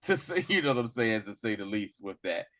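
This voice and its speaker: A man co-hosting a casual podcast episode review, slangy and animated, often acting out characters' lines. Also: lowish voice, a little fast. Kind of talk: casual chat.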